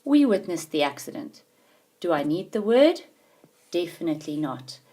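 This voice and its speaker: A woman with a low voice teaches a grammar lesson. She talks patiently and leans hard on key words, stopping to ask if the learner is following along. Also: very animated, normal speed, dark tone. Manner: patient, emphatic, checks understanding with questions.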